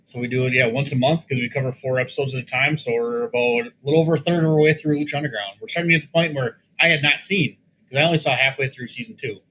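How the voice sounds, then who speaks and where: Male podcast guest, quick bright delivery, rambling, faint noise behind him. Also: medium pitch, fairly even intonation, rough recording. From American Midwest. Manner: rambling, filler-heavy talk. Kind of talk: casual chat.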